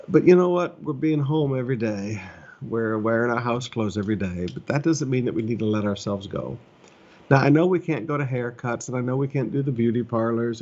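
A middle-aged male pastor preaches a sermon from home, earnest yet conversational, pressing his points through repetition. His mid-range voice is creaky and husky, and the audio is dull.

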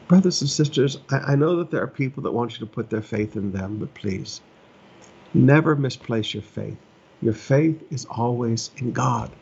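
Gravelly male pastor preaching earnestly. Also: medium pitch, darkish tone, highs cut off. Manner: earnest, conversational preaching with emphatic rises. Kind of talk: sermon.

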